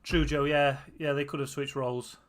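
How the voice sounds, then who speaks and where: A man's voice: a little high, level tone, moderate pace. A tired man chatting casually to viewers on a live stream, with a runny nose. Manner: tired, chatty, often laughing.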